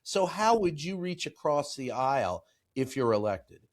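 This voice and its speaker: A man's voice: medium pitch, sing-song, measured pace. A man hosting a podcast interview, asking direct questions and adding short interjections. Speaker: podcast host.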